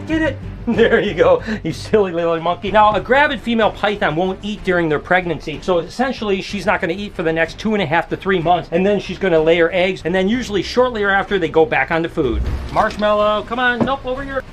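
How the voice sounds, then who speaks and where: A man talking casually to camera while feeding his snakes, chatty and excited, with music playing underneath. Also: sits high, quick pace. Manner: excited, chatty, exclaiming at strikes. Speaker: reptile keeper.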